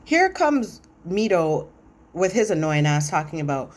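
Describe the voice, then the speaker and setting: A woman with a low voice talks through a reality TV episode in a loose, chatty recap. She is sassy and opinionated and leans on fillers as she goes. A faint hum of noise sits behind her. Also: very animated, unhurried, a little mellow. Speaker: reality TV review commentator. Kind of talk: casual recap commentary.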